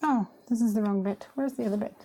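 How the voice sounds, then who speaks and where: A woman's voice: a little high, quick pace, mellow, a little hiss or hum. A woman hosting a live craft stream, chatting casually and talking herself through each step as she works. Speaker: crafting host.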